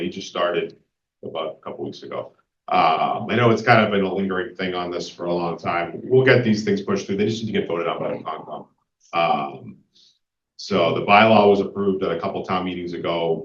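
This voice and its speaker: A man with a New England accent, a public works official giving a casual, filler-laden report at a town meeting. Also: deep voice. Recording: roomy, distant, dull community TV audio.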